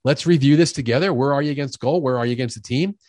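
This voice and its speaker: An energetic middle-aged man explains sales management in an emphatic, conversational way and often slips into acted-out dialogue. His voice is recorded close and dry, with no room sound, and sits at an ordinary male pitch. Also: fast, no echo. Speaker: sales leadership expert guest. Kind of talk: conversational podcast interview.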